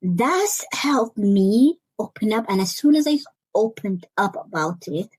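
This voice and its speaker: A young adult woman guest sharing a personal story in an interview, earnest and halting, often repeating words as she searches for them. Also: mid-range voice, lively intonation, a little mellow, slightly rough, dry recording, poor audio. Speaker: interview guest, life coach. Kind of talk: personal testimony in conversation.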